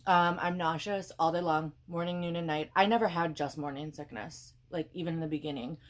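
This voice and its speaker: A young woman with a Wisconsin accent cooks while chatting casually, her low voice steady and a little fast. Tired and pregnant, she rambles through tangents and swears now and then in her cooking vlog.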